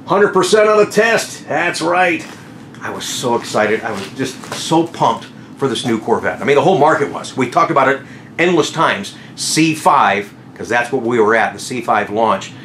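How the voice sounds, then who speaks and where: A middle-aged man telling stories about his car sales career in a casual vlog, excited, often laughing and acting out what people said. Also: medium pitch, normal speed, roomy sound, a little hiss or hum. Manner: excitable, laughing, acts out quotes. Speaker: car salesman and channel host.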